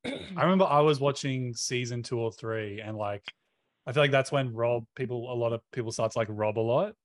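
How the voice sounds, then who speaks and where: A man's voice: mid-range voice, brisk, no room sound. A man chiming in during a casual chat, laid-back.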